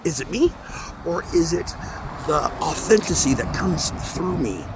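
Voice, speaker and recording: Intense, swearing vlogger, high voice that swoops widely, recorded on a phone outdoors near traffic. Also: male voice, very animated, moderate pace. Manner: swearing, intense, swings between mumbling and loud outbursts. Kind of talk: rambling spiritual monologue. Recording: outdoor phone audio with street noise.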